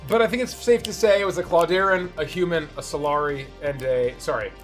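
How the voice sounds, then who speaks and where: A man hosting a live stream in casual chat, animated while reading out viewer guesses. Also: fairly high pitch, fairly quick. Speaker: stream host. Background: music.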